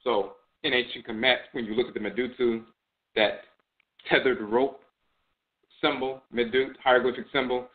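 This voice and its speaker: Man, host, measured lecture, repeats phrases, mid pitch, thin phone-like sound. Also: level tone. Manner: measured, repeats phrases and says "and so forth" often. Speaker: host and spiritual teacher. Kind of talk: spoken lecture on spiritual tradition.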